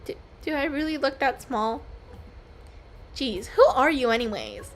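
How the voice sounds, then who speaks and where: A woman voicing a sleepy, laid-back young frog lounging in a warm pot, reading its lines aloud in a game. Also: high-pitched, animated, a little slow, faint music behind. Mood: lazy.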